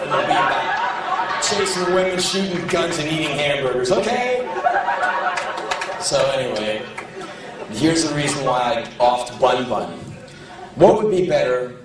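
A man's voice: medium pitch, distant mic. Profane man telling a live story. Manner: animated, profane, chuckling through the telling. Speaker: spoken-word performer. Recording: echoey live hall, voice heard from afar.

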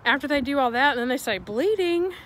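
Woman, casual vlog rant, animated and exasperated, fairly high voice, faint street traffic behind. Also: quick pace, poor audio. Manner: animated, exasperated, folksy storytelling. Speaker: vlogger.

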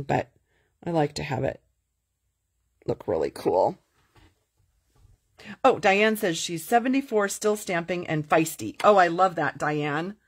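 A woman with a lowish, airy voice runs a live crafting lesson. She is chatty and upbeat, explaining each step and stopping to read out viewers' comments. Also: breathy edge. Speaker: crafting host. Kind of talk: live stamping tutorial.

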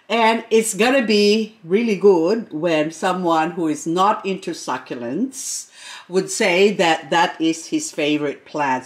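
A middle-aged woman chatting casually as she unboxes plants, gushing and excitable, talking to each plant as she goes. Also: lowish voice. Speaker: succulent vlogger.

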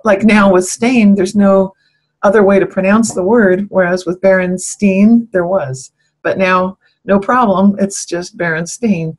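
A woman being interviewed explains her ideas earnestly and thoughtfully. Her voice sits at a mid pitch, and she speaks in a casual, conversational way. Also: steady tone, measured pace, darkish tone, poor audio. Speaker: guest.

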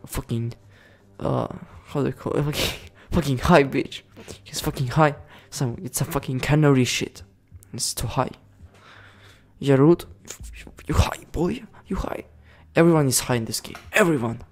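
A man's voice: medium pitch, moderate pace. Giggly, cursing young-sounding gamer guy. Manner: rambling, giggly and full of swearing. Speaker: gaming video creator. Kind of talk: casual game commentary.

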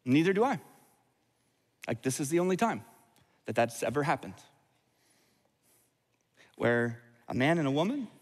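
Male pastor, conversational sermon, slightly high voice, big-room reverb. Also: slightly rough. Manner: conversational, wry preaching with asides. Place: large church auditorium.

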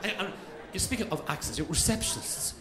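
A man's voice: sits high, animated, a little fast. An Irish man doing a stand-up comedy set, chatty and mock-exasperated, on a club stage with audience noise.

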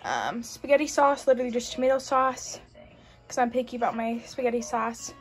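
A woman's voice: fairly high pitch, fairly quick, faint music behind, rough recording. A young woman vlogging casually, chatty and bubbly, with lots of "like" and "um". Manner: chatty and bubbly, heavy use of "like" and "um". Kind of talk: casual vlog chat.

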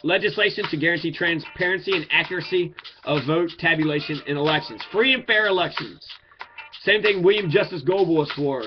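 A man with a somewhat high voice rants about politics, swearing freely and calling out his target by name. The recording is dull and lo-fi, and music plays clearly underneath him. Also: a little fast. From Kentucky. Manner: profane, ranting, addresses his target directly. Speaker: political commentator. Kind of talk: angry political rant.

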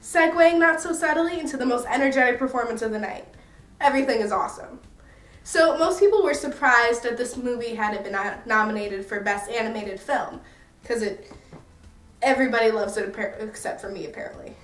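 A woman's voice: a little high, fairly quick, a bit bright, distant mic. A young American woman vlogging in a casual, rambling and self-mocking way. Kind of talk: casual chatty review. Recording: echoey room, a bit off-mic.

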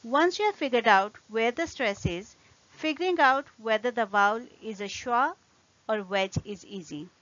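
A woman teaching an English pronunciation lesson, speaking deliberately and repeating example words carefully. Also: a little high, animated, fairly bright tone, no echo, muffled recording.

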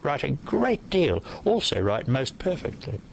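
A man's voice: a little high, sing-song, unhurried, gravelly, slight background noise, poor audio. A man answering as a guest in an interview, reflective and opinionated, thinking his points through aloud. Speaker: guest poet.

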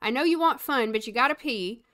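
Here a young woman speaks in a fairly high, animated, brisk voice with a bit of brightness. She's streaming a life-sim game live, casually directing her characters and responding to chat as she plays.

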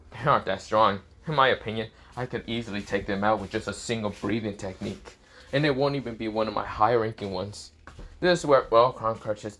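A man's voice: lowish voice, brisk, a bit bright. A young man narrating an improvised fan-fiction story, rambling with lots of fillers and restarts. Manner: rambling, many fillers like "this is where, well, mostly".

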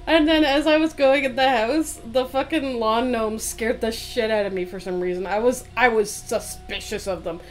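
Animated storytelling woman streamer. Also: a little high, normal speed, few pauses, faint music behind. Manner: animated storytelling, casual swearing. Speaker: streamer, host. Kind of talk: casual stream chat.

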